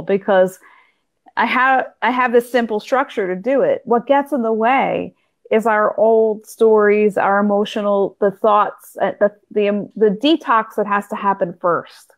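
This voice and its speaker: Woman spiritual guide chatting, earnest, laughs a lot, trails off and restarts. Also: medium pitch. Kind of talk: casual conversation.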